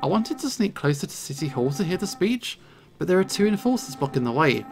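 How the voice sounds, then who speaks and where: A man's voice: sits high, sing-song, fairly quick, faint music behind. A man hosting a let's play, commenting in a playful, jokey way and reading game dialogue. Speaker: gaming channel host.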